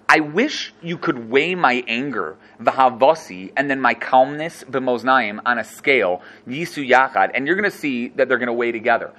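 A man teaching a class on a scripture text. He reads Hebrew verses aloud and then explains each one in quick, lively English. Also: mid-range voice. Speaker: Torah teacher. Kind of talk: animated text-study class.

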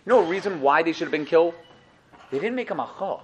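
A man's voice: fairly high pitch, fast, muffled recording, a little hiss or hum. A man teaching a Torah class to listeners, storytelling and joking as he goes and acting out the voices in his stories. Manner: lively storytelling, acts out voices, jokes with listeners.

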